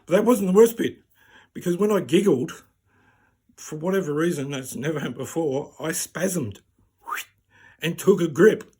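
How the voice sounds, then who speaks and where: A man with a raspy voice, telling wry, self-deprecating stand-up stories. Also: on the high side, normal speed, pauses often, dark tone. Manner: wry and self-deprecating, laughs at his own jokes. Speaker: stand-up comedian. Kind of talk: stand-up storytelling.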